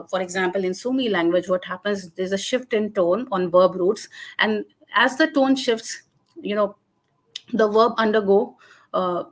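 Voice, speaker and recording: Woman lecturer, webinar, mid-pitched voice, hesitant explaining with frequent fillers. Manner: hesitant, many fillers and restarts. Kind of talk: academic lecture.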